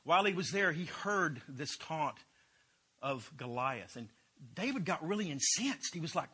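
A man's voice: a little high, big pitch swings, a little slow, sharp tone, slightly rough. A man teaching a Bible lesson, retelling scripture in loose everyday talk.

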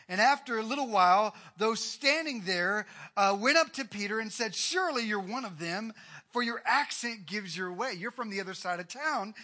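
A man preaching a sermon, retelling a Bible story with swings from hushed to loud. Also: sits high, moderate pace. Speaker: pastor.

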